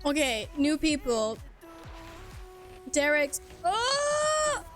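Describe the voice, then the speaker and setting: A young woman who is a native Swedish speaker, live-streaming a game into a headset mic, chatty and animated, swearing freely and laughing often. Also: sits high, moderate pace, loud music behind the voice. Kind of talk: casual live-stream chat.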